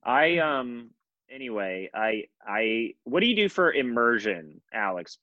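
A man's voice: mid-range voice, sing-song, measured pace, no echo, phone-quality sound. A young man co-hosting a casual podcast chat, rambling with many fillers and restarts. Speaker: podcast co-host.

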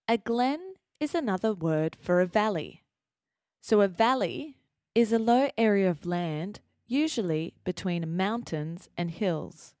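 A woman with a lowish voice explains vocabulary in a clear, measured teaching manner before interviewing her guest. The sound is dry and close. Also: darkish tone, dry recording. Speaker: host and English teacher.

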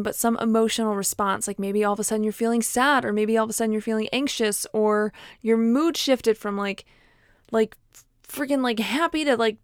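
A woman's voice: on the high side, smooth, no echo, studio quality. A woman talking casually and frankly to camera, filling her speech with fillers and restarts. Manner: chatty, many fillers and restarts; frank, personal, laughs at herself.

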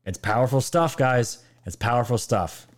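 A man's voice: medium pitch, expressive, moderate pace. A man hosting a political commentary show, reacting to clips with mocking, incredulous asides to his viewers.

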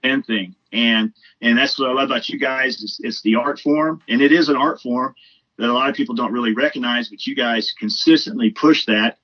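A man's voice: medium pitch, fairly quick, dull audio. A man guest on a podcast, chatting casually and effusively, rambling with lots of fillers. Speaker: comedian. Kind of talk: casual chat.

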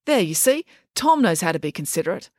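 A woman's voice: fairly low pitch, sing-song, a little fast, a little mellow, no room sound, studio quality. A woman voicing a fussy male school guidance counsellor who lectures with exasperation. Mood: flustered stern.

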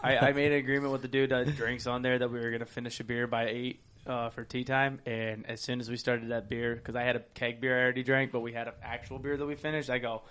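A man's voice: mid-range voice, level tone, fast, hardly any pauses, fairly bright tone. A young man telling long, profane, rambling stories while co-hosting a casual chat. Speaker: podcast co-host.

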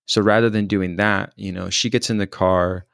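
A man relates a personal story in a very deep, gravelly voice full of fry, his intonation fairly even and his tone a little bright. He sounds contemplative and unsure, repeatedly pausing and starting over, and the recording is dry and close with no echo.

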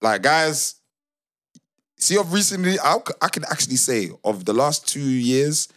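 A man's voice: on the high side, unhurried. Easygoing man with slangy chat. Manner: relaxed and conversational, fills speech with "innit" and "yeah". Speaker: podcast co-host. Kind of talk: casual chat.

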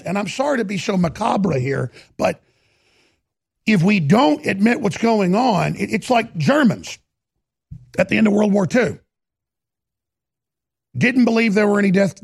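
Ranting male talk host, heavy gravel and rasp in a fairly high voice, stuttering emphasis. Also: dry recording, studio quality. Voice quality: gravelly, raspy. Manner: ranting, emphatic, stammers and repeats words. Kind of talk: impassioned monologue.

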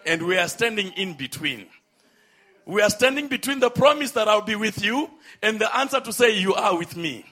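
A man preaching a sermon, with emphatic, drawn-out phrases, calling on the congregation to respond. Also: sits high, animated, pushed and bright, breathy edge.

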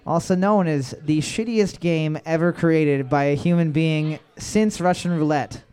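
A man hosts a bar trivia night, cracking crude jokes between questions and reading each one twice. His voice sits a little high for a man. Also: a little slow, a little mellow, clean tone. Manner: joking, reads questions twice. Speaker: trivia host. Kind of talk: live trivia night hosting with banter.

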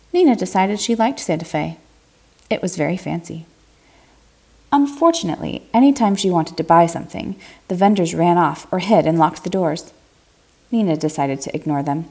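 A woman narrating a children's story podcast gently, speaking to young listeners. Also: fairly low pitch, vocal fry.

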